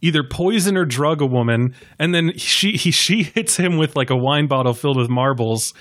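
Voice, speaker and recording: A man's voice: fairly high pitch, animated, moderate pace, fairly bright tone. A man hosting a podcast, chatting casually about a film, rambling with many fillers and acting out quotes. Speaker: podcast host.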